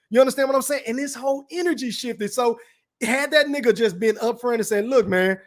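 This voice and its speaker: A man's voice: very high-pitched, fairly quick. A young man from Dallas, hosting a casual live stream, reading chat comments aloud and ranting in profane slang. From Dallas, Texas.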